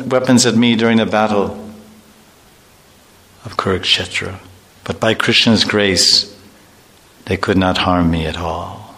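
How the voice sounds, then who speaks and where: A man reading as a grieving warrior prince in a devotional story, a man's lowish voice speaking his lament in an earnest, mournful way. The lines rise in sorrow over his lost friend. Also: sharp tone.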